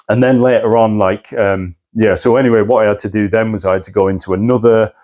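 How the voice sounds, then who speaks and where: A man's voice: on the low side, steady tone, fairly quick, darkish tone. A man recounting a personal crisis as a podcast guest, intense and swearing often. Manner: intense, swears often, acts out his own past cries. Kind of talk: candid personal story.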